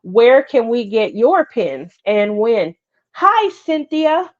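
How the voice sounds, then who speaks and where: Slow, chatty woman hosting a livestream. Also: fairly high pitch, big pitch swings. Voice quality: chatty, laughs often, greets viewers by name. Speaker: livestream host. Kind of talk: casual livestream chat. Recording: slightly muffled livestream audio.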